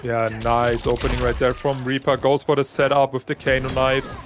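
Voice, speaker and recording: A man co-commentating a fighting-game match live, breaking down plays with excitable analysis. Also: normal speed, noisy background. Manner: excitable analysis, jumps in pitch. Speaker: esports co-commentator. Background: game music.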